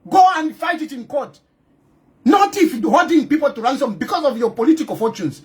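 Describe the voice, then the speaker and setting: A middle-aged man with a Zambian accent delivers a heated, scolding address. His voice sits high and swings widely in pitch. He presses home his points with repeated rhetorical questions. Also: animated, fairly quick. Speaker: political commentator. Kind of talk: impassioned direct-to-camera address.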